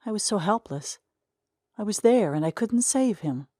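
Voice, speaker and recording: A woman voicing an eager, earnest young boy who shouts with excitement. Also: medium pitch, normal speed, dry recording, clean studio sound, voice pushed up, close to an everyday voice. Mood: despairing.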